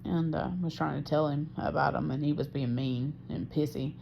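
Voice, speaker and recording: A woman's voice: sits low, fairly even intonation, normal speed, creaky, noisy background. A woman recording a personal audio diary, venting her frustration about her partner and swearing heavily. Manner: profane, frustrated, heavy swearing. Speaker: diarist.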